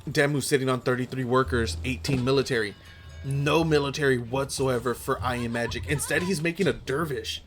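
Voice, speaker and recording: A man casting a strategy game match, opinionated, quick to correct himself, and his voice is going hoarse. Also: mid-range voice, faint music behind. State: losing his voice. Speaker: game caster. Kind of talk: play-by-play strategy game commentary.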